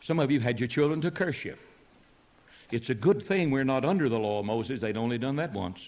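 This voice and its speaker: An older man from the United States preaching a folksy, storytelling sermon, swinging from loud to hushed. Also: mid-range voice, lively intonation, a little fast. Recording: dull lo-fi recording.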